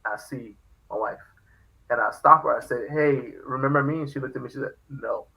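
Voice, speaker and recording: A man's voice: medium pitch, moderate pace, vocal fry, sharp tone, rough recording. A man hosting a podcast, telling a story in casual chat and acting out the quoted lines. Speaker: podcast host.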